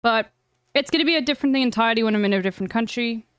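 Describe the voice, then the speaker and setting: A woman's voice: a little high, racing, fairly bright tone, clear, resonant tone, no room sound, clean studio sound. A woman streamer chatting frankly with viewers, giving blunt advice and swearing freely. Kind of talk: casual chat with viewers.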